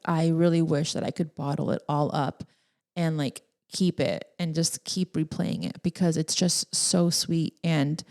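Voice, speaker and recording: Deep and mellow with vocal fry, this young woman's voice carries her solo podcast as she rambles casually and emotionally. She laughs a lot, though now and then she tears up.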